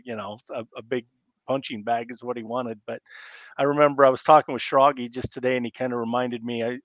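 A middle-aged man from Iowa, a podcast guest telling rambling, animated stories in a casual interview, often restarting sentences. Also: medium pitch, dry recording. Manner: rambling, animated, acts out coaches yelling. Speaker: podcast guest, former college football player. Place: live podcast studio. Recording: slightly muffled dry sound.

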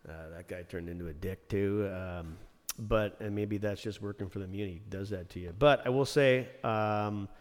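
A man's voice: lowish voice, normal speed, few pauses. Brief: outspoken ex-rink manager, a man who swears freely, recorded in a reverberant room. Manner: blunt, profane, ranting. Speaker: former ice rink general manager. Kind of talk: casual podcast chat.

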